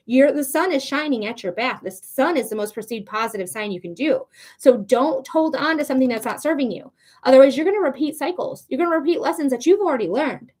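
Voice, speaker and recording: A woman's voice: high voice, lively intonation, fast, a little mellow. Chatty encouraging woman reading tarot live. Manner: encouraging, chatty, addresses viewers by name. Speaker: psychic reader.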